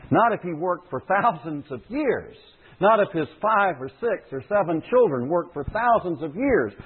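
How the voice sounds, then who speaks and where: Pastor, male, husky voice, lively sermon delivery, tinny phone-like recording. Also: fairly high pitch. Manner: emphatic, repeats key phrases for stress.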